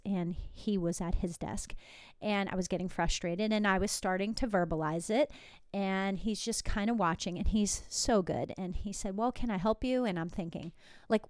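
A middle-aged woman from Southern California hosts her own podcast and tells a story in a chatty, animated way. Her voice is smooth and clear. The recording is close and dry on a desktop microphone. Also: mid-range voice, no echo. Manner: chatty, animated, with asides and laughs. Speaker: podcast host. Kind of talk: casual storytelling monologue.

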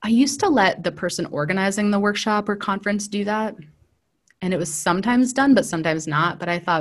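Woman, 30s, podcast guest; animated, anecdotal, slightly low voice. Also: moderate pace. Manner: animated storyteller, acts out quoted voices, laughs often. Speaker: data trainer and consultant. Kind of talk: casual podcast conversation.

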